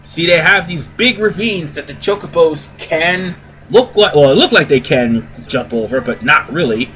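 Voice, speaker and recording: A man's voice: on the high side, expressive, normal speed, a bit bright, soft background music. A man giving casual, rambling let's-play commentary as host of a gaming video, often correcting himself. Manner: chatty, rambling, self-correcting.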